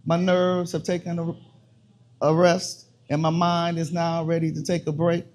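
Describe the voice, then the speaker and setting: A man performing a spoken word poem at an open mic in a bar, slow and deliberate with heavy pauses and a repeated refrain. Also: fairly high pitch, monotone, darkish tone.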